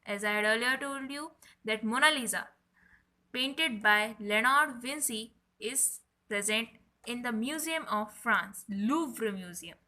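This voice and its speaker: A woman teaching French words slowly, repeating each one for viewers to say along. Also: fairly high pitch, sharp tone, poor audio. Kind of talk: French vocabulary lesson.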